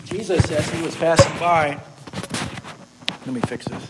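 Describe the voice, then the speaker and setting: A man's voice: a little high, a little slow, heavy background noise. A man teaching a seminary class how to tell a story aloud, explaining and then telling it himself on a wired mic. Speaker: teacher of oral Bible storytelling. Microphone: wired microphone.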